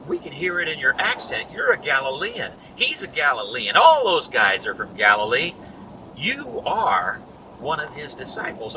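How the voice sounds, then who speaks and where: Preacher at a distance, noisy room. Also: male voice, medium pitch. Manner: conversational, retells scenes with acted voices. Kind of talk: sermon. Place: church. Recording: distant mic with room noise.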